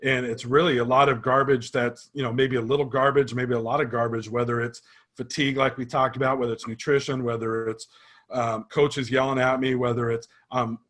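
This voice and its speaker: A man hosting a conversational interview about sports vision training, casual and relaxed, with many fillers. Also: medium pitch, fairly quick.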